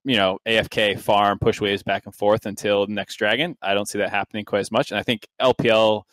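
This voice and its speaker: A man on an esports panel in casual discussion, relaxed and laughing, with hesitant phrasing. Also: lowish voice, fairly quick, no echo. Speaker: esports analyst.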